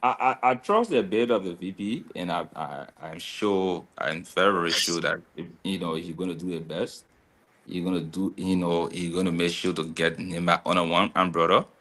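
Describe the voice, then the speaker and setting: Man, bright voice, animated, repeats himself, casual chat. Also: low voice, moderate pace. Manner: animated storytelling, repeats words.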